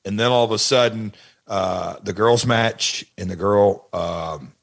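Low-voiced older man, rambling reflections. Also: unhurried, gravelly. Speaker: retired wrestler, guest. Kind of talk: casual chat.

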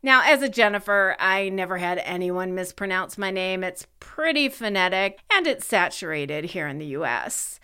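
A middle-aged woman from California co-hosting a podcast, reading her segments in a wry, brisk way. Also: mid-range voice, sharp tone, clean tone. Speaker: podcast co-host. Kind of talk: scripted podcast chat.

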